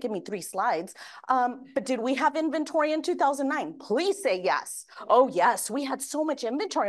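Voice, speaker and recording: A woman with a fairly high voice delivers a conference keynote full of energy. She addresses the crowd directly, asks for a show of hands, and slips into quick quoted voices with big swings in pitch. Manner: energetic, talks to the audience and asks for raised hands. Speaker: keynote speaker. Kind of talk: lively conference presentation. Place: conference room with an audience.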